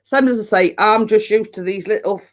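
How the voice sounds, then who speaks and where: A woman's voice: mid-range voice, a little fast. A woman with a Yorkshire accent hosting a casual live stream, chatting and reading out viewer comments. She rambles a little and laughs often.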